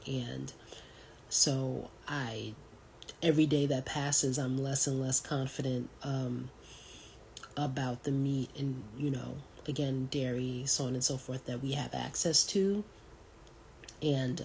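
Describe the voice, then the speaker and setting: A woman's voice: extremely low pitch, vocal fry, darkish tone, a little hiss or hum, low-quality recording. A woman in her thirties hosting a podcast, talking in a casual, rambling way full of ums and you-knows. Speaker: podcast host. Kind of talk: casual solo talk.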